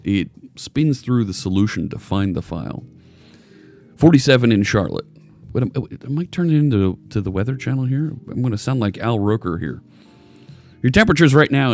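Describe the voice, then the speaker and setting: A man's voice: fairly low pitch, creaky, darkish tone. A man hosting a casual live coding stream, chatting loosely and joking with viewers as he works. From United States. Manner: rambling, chatty, jokey.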